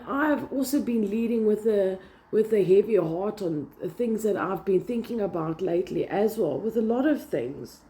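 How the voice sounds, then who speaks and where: A woman's voice: mid-range voice, dark tone. A woman giving a casual devotional talk, earnest and emphatic, repeating key words. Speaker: Christian vlogger.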